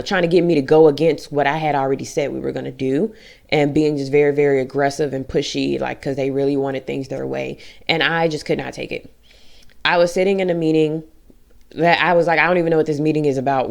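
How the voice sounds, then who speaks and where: A young woman with a low voice tells a candid personal story to her camera. She talks emphatically in casual slang, venting her frustration. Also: a little mellow. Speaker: vlogger.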